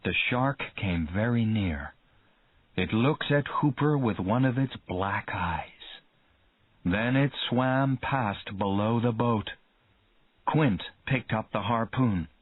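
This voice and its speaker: Male narrator, slow and expressive, for a learner's reader; dry, tinny audio. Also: lowish voice, dry recording. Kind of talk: scripted story narration. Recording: tinny phone-like dry sound.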